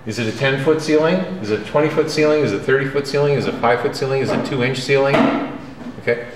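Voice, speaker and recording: A drawing instructor talks fast in a mid-range voice as he lectures, staying direct and emphatic and frequently checking in with the class. Background noise is present, along with the faint ambience of a roomy classroom.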